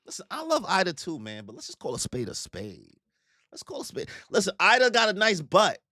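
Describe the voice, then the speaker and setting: Lively, bright-voiced man joking through a reaction. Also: sits high, fairly quick, no echo, clean studio sound. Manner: joking, animated, slangy, acts out characters in put-on voices. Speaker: manga reaction streamer. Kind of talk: excited live reaction commentary.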